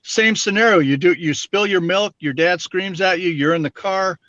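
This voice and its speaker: A man's voice: high voice, moderate pace, pushed and bright, no echo. A man being interviewed, talking earnestly and explaining his points through everyday examples. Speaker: interview guest. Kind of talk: candid personal interview talk. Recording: dull dry lo-fi sound.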